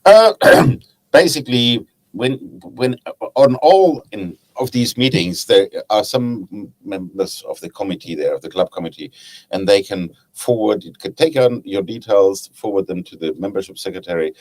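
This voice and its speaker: German guy, low voice, pretty animated, chatty podcast guest who trips over his words a bit. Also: moderate pace. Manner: chatty, hesitant restarts, laughs at own stories. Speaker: woodturning club member, guest. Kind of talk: casual podcast chat, storytelling.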